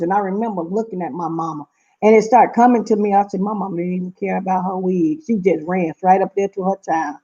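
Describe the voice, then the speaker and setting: A middle-aged woman from Seattle talks straight to her viewers, emphatic and animated, circling back to repeat her points. Her voice sits in a middle pitch range. The audio is a little dull and lo-fi. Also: fast talker. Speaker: vlogger. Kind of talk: casual storytelling to camera.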